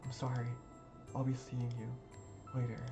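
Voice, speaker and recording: A man's voice: medium pitch, level tone, unhurried, vocal fry. A man voicing a fragile, shy young woman who speaks in a faint, weary murmur over background music. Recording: music playing underneath.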